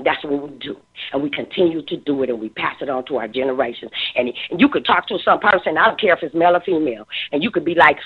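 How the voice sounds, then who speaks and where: A woman's voice: deep voice, expressive, quick pace, slightly rough. A woman in her fifties giving emphatic, emotional social commentary, repeating words as she presses her points. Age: 50s. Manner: emphatic, preachy, repeats words when stirred. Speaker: talk show commentator. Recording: tinny phone-like line.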